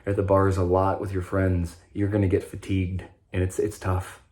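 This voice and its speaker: This young Nebraska man has a low, monotone, mellow voice and talks at a moderate pace. A vlogger sharing his recovery story, he delivers an unscripted monologue that rambles, swears, and stops and restarts constantly.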